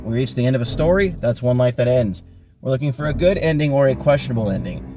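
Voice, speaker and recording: A man's voice: mid-range voice, quick pace. A man hosting a podcast and theatrically reading a gamebook aloud. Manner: animated, theatrical read-aloud. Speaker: podcast host and narrator. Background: background music.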